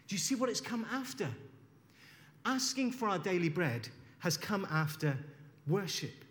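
A man's voice: sits high, very animated, unhurried, a bit bright, a little hiss or hum. A man preaching a sermon, reflective, reading scripture aloud and unpacking it. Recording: long hall reverb.

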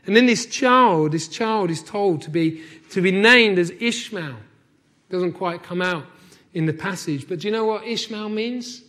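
A male preacher with a high-pitched voice delivers a sermon. He drops to near-hushed tones, then rises into emphatic, repeated phrases. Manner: swings from hushed to emphatic, repetitive.

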